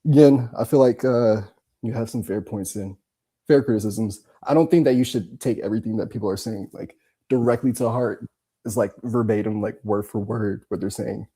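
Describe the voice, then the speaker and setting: A man's voice: fairly low pitch, normal speed, mellow, slightly rough. A male caller wrapping up his points in a casual, supportive way, with lots of filler words. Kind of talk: casual call-in discussion.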